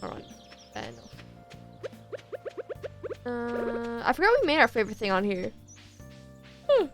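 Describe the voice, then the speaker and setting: A chatty woman talking her viewers through a farming game, her voice sitting a touch high as she rambles between tasks. Faint game music plays quietly behind her. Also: huge pitch swings, unhurried. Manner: chatty, rambling, talks to chat while playing. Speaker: streamer. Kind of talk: casual game-stream chat.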